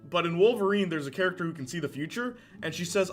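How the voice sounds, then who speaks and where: A young man streaming casual commentary, animated, laughing often and answering chat. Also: high voice, fast, soft background music.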